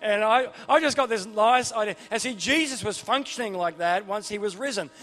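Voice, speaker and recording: A man's voice: sits high, a little fast, a bit bright. A man preaching an informal sermon, enthusiastic and chatty, often restarting his sentences and drifting into asides. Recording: long reverb with faint music behind.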